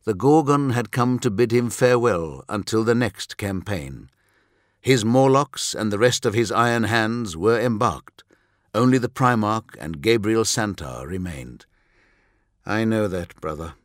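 A man narrating an audiobook in a measured, dramatic manner. His voice is low and his delivery very unhurried. The recording is dry and close to the mic. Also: animated, no echo.

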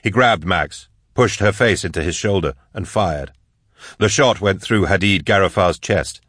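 A man narrating an audiobook in a measured, steady read, close on a studio mic. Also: low-pitched, dry recording. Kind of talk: scripted narration.

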